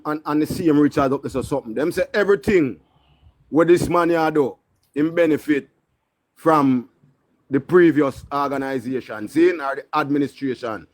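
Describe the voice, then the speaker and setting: A man with a Jamaican accent making a heated, insistent political argument in patois on a live group call. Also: a little high. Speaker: caller on a live political chat.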